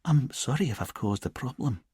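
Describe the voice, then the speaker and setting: A man's voice: medium pitch, lively intonation, a little fast, a little mellow, breathy edge, no room sound, clean studio sound, pitched above the performer's own voice. A man reading a playful Edinburgh woman in her early forties, lilting and teasing, in an audiobook.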